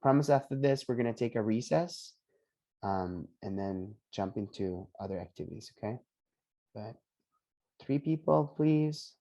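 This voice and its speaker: A man teaching English pronunciation on a video call, patiently repeating each word slowly for his students. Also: lowish voice, expressive, dark tone. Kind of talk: online pronunciation lesson.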